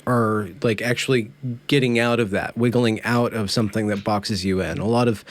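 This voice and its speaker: A man hosting a conversation podcast, speaking thoughtfully and searching for words with many pauses and fillers. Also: lowish voice, steady tone. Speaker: podcast host. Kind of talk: casual conversation.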